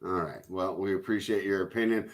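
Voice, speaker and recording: A man's voice: low-pitched, fairly quick, rough recording. A man hosting a casual sports betting chat, joking and calling himself a hater. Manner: joking, self-described hater. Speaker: host.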